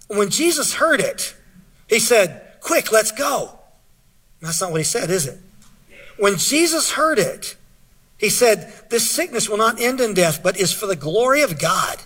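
Male pastor, higher pitch, bright husky tone, earnest sermon delivery. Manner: earnest, asks the audience questions, reads scripture aloud.

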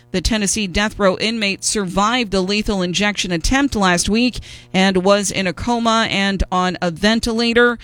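A woman news anchor reading the news on morning radio in a crisp, measured delivery. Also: fairly high pitch, a bit bright, no room sound.

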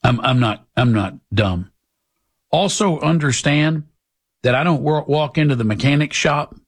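A man's voice: unhurried, slightly rough. A man hosting a political talk show, delivering a blunt, lecturing monologue to his listeners. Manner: blunt, lecturing, mocks people in high put-on voices.

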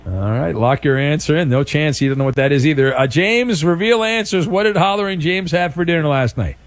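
A man hosting a talk radio show, teasing his callers and riffing on sports news in a casual, quick-witted way. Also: on the high side, no room sound. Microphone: studio microphone.

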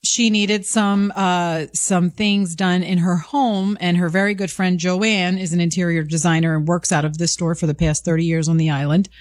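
A woman co-hosting a radio talk show, telling a story in a chatty, animated way. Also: lowish voice, normal speed, hardly any pauses, no room sound. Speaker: radio co-host. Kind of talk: casual on-air storytelling.

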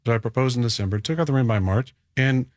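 A man's voice: mid-range voice, quick pace, dry recording. A man speaking in a candid interview, recounting a personal story in a casual, hedging way. His voice sits in a middle range and sounds dry and close. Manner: casual, hedging with "you know". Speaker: interview guest.

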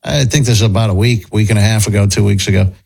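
Husky-voiced man in rambling commentary. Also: lowish voice, fast talker, a little mellow. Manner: rambling, opinionated, lots of restarts. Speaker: podcast host. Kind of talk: casual commentary chat.

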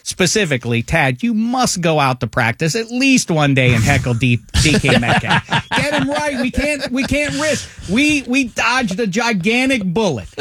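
A man's voice: high voice, sing-song, normal speed, fairly bright tone. A man guesting on a sports talk show over a headset, joking in grand, playful phrasing in casual chat.

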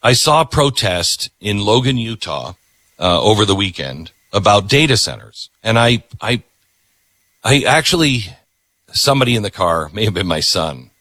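A man's voice: fairly low pitch, very animated, normal speed, sharp tone, no echo. Emphatic middle-aged male talk host. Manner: emphatic, repeats words for stress. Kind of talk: political commentary monologue.

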